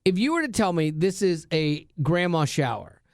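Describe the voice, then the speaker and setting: A middle-aged man tells stories in a relaxed studio chat, laughing often and slipping into quick impressions. His voice sits a bit high for a man. The room sound is close and dry. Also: no echo. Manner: animated storyteller, laughs often, does voices. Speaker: radio show host. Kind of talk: casual chat.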